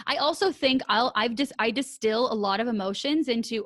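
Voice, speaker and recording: A woman hosting a podcast in casual chat, animated and laughing often, swearing freely. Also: fairly high pitch, a little fast, few pauses, no echo, studio quality. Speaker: podcast host.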